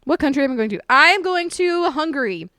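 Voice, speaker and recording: A woman's voice: sits high, expressive, a little fast, bright, forceful tone, no echo, clean studio sound. A woman live streamer chatting casually with her viewers, playful and profane.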